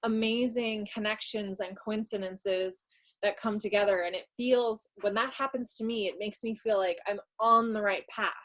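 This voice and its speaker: A woman co-hosting a casual live stream, drawing a tarot card and talking it through. She is relaxed and reflective, thinking out loud with plenty of fillers and trailing phrases. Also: mid-range voice, normal speed. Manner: warm, reflective, talks through ideas with fillers. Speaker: co-host and card reader.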